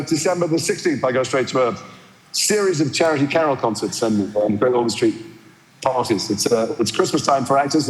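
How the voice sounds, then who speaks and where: A middle-aged man, a guest actor, telling animated anecdotes with many restarts. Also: mid-range voice. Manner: animated, chatty storyteller with restarts. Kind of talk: anecdotal chat. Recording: echoey live hall.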